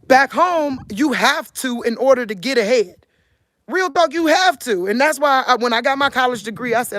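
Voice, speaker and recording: In a slightly high, somewhat bright voice with no echo, a Cleveland, Ohio woman in her forties vlogs in an earnest, casual monologue. She has a country Midwestern drawl and keeps asking viewers "you get what I'm saying?"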